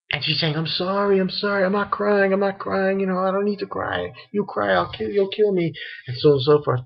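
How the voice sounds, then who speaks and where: A man's voice: mid-range voice, slightly rough, muffled recording. A man giving a casual spoken review of an anime episode, rambling with many restarts and fillers.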